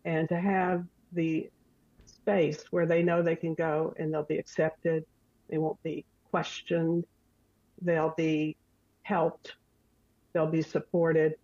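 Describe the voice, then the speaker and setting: Older lady talking slow and earnest, kinda muffled lo-fi audio. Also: low-pitched, little pitch movement, mellow, no room sound. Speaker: retired school librarian, guest. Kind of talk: podcast interview.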